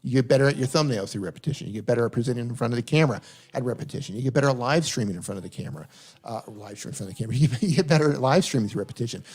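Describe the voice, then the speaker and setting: A man's voice: medium pitch, lively intonation, very fast, darkish tone, slightly rough. A man hosting a live stream Q&A, coaching viewers on their channels, often repeating himself for emphasis. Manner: coaching, repeats himself, reads chat aloud. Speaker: host. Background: faint funk music.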